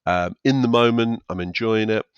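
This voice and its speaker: A man's voice: lowish voice, moderate pace, clear, resonant tone, dry recording. A man who works as a stand-up comedian, talking candidly and self-deprecatingly as a podcast guest. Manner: candid, self-deprecating, acts out quoted chatter. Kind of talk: conversational podcast interview. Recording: dull dry lo-fi sound.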